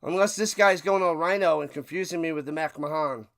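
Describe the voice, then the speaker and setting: A man streaming a live football watch party, giving casual play-by-play commentary and bursting into loud calls. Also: a little high, brisk, background noise.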